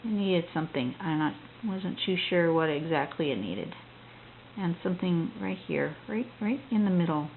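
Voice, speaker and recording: A woman with a lowish, gravelly voice chats her way through a drawing lesson, thinking aloud and often restarting her sentences. The sound is thin and tinny, like a phone line, with a faint hiss underneath. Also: animated, normal speed. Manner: chatty and rambling, with frequent restarts. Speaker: drawing instructor.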